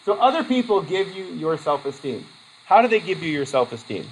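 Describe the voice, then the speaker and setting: Man, teacher, classroom lecture, fairly high voice, faint background noise. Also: brisk, rough recording. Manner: lively, acts out quoted voices, laughs easily.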